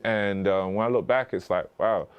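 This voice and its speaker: A man's voice: fairly low pitch, fairly even intonation, moderate pace, clean tone, phone-quality sound. A man who is a podcast guest, talking casually and rambling through stories, full of fillers and restarts and acting out quoted dialogue. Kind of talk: conversational interview storytelling.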